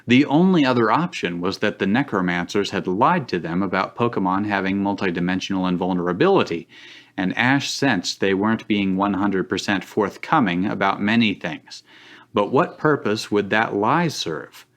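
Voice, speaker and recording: A man's voice: on the low side, animated, normal speed, fairly bright tone. A man reading fan fiction aloud for laughs on a live stream, often breaking into chuckles.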